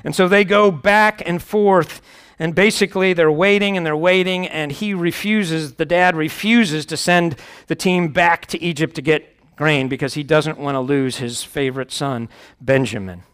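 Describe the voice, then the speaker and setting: A man's voice: fairly high pitch, normal speed, a bit bright, smooth. A man preaching, reading scripture aloud and explaining it in a conversational way, with wry asides.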